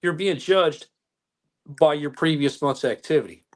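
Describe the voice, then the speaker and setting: A man's voice: on the high side, normal speed. A man in his sixties, a police chief from the United States, animatedly telling stories in an interview. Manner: animated storyteller who acts out dialogue. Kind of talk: storytelling interview.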